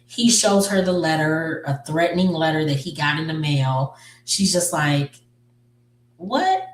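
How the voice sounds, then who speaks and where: Low-voiced woman rambling a recap. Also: fairly even intonation, moderate pace. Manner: rambling, with many fillers and self-corrections. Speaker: movie recap storyteller. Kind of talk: casual story recap. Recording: roomy, distant mic.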